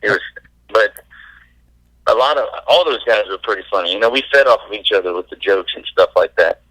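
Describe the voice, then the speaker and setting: A man, a former baseball pitcher, telling stories as a guest in a casual interview, laid-back and laughing as he goes. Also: a little fast, pushed and bright, dry recording, low-quality recording.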